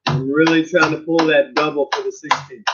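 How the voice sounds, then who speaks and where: A man teaching an online drum lesson in a percussion studio, counting beats aloud in an encouraging, relaxed way. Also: on the high side, normal speed, dull audio, over loud music.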